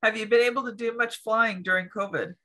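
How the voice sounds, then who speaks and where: A woman's voice: on the high side, steady tone, fairly quick, sharp tone. A woman hosting an interview podcast, asking questions in an encouraging way. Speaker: podcast host. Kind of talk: casual interview.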